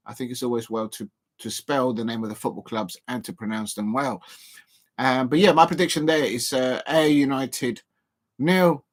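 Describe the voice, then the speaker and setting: Chatty male football streamer, rambling. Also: medium pitch. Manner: rambling, many ums and restarts, chatty asides to viewers. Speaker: football live stream host. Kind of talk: casual live-stream football chat. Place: home, seated at a table.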